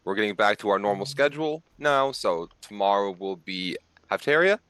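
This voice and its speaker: A man's voice: on the low side, expressive, moderate pace, fairly bright tone, smooth, no echo. A man leading a casual chat before a tabletop game session, playful and upbeat.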